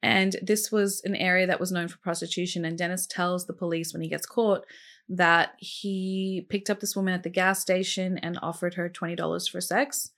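A woman with a lowish, slightly bright voice speaks at a normal speed with flat delivery. She hosts a true crime podcast, telling the case casually and chattily with lots of "like" and "um," and she asks her listeners questions directly.

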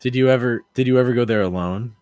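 A young man co-hosting a podcast, telling a rambling absurd story in an animated way and shouting out the characters' lines. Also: medium pitch, fast talker, no room sound. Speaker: podcast co-host.

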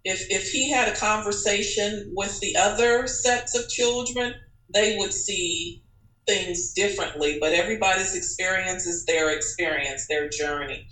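A woman guest tells personal stories in an animated, chatty way. Her voice is bright and clear, and it rings around an echoey room. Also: mid-range voice, measured pace. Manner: animated and chatty, with many fillers and restarts. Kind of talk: casual personal storytelling.

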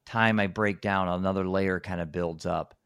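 His low voice is steady, smooth, and a bit bright, at a moderate pace, captured in a dry, clean studio recording. The man hosts a podcast, making casual, rambling conversation peppered with restarts and "you know."

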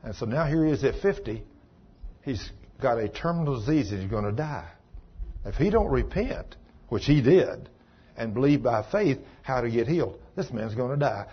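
Husky-voiced man preaching emphatically. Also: medium pitch, expressive, moderate pace, highs cut off. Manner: preaching with rising emphatic exhortation. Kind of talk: sermon.

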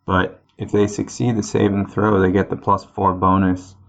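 A man's voice: low-pitched, level tone, moderate pace, gravelly, muffled recording. A man playing a tabletop game, laid-back and checking the rules. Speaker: player. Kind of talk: casual tabletop play.

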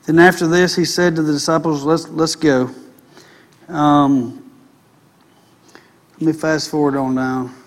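A man preaching a sermon, reading scripture slowly and breaking off to comment, then building into loud, impassioned preaching. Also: on the high side, little pitch movement.

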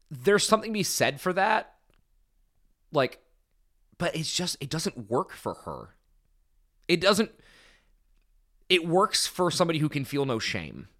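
A man co-hosting a casual recap podcast, talking in an animated way and acting out quotes. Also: on the high side. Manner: animated, acts out quotes in a shifting voice. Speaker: podcast co-host.

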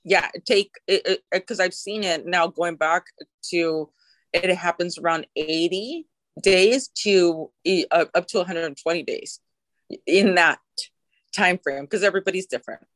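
A woman's voice: on the low side, a little slow, fairly bright tone, no echo. A woman sharing her personal recovery story in an interview, talking in an emotional, frank way with occasional swearing.

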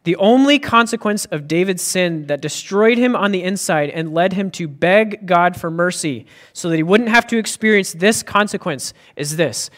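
A man's voice: sits high, lively intonation, moderate pace, hardly any pauses, fairly bright tone. A man preaching a sermon as pastor, earnest and emphatic, often restarting his sentences.

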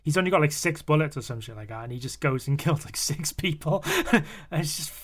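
A man's voice: a little high, expressive, a little fast, fairly bright tone. Laughing, swearing man chatting. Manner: swearing, laughing, acting out quotes. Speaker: podcast co-host. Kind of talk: casual chat.

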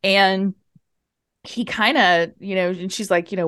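A woman's voice: lowish voice, normal speed, no echo, studio quality. A woman co-hosting a podcast, recapping a film in casual chat, acting out the characters' lines and swearing freely. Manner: animated retelling with acted-out quotes and swearing. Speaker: podcast co-host.

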